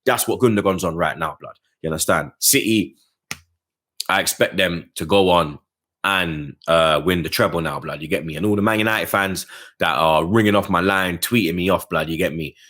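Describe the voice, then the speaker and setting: Man, fan match review, slangy, passionate, low voice. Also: moderate pace, fairly bright tone. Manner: slangy, keeps adding "blood, you get me"; passionate, rising pitch on key points. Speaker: football fan channel host.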